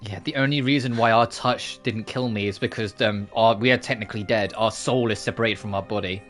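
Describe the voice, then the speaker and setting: A young man casually commenting on a game as a streamer, chatty and emotional and quick to laugh. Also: lowish voice, fairly even intonation, a bit bright, faint music behind. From United Kingdom.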